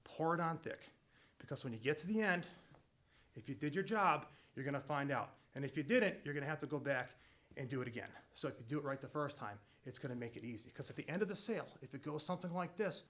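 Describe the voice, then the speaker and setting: A man with a notably high voice coaches salespeople on closing deals. He talks with energy and emphasis, hammering points home through repetition. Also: expressive, fast talker, a bit bright. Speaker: sales trainer. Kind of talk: sales training talk.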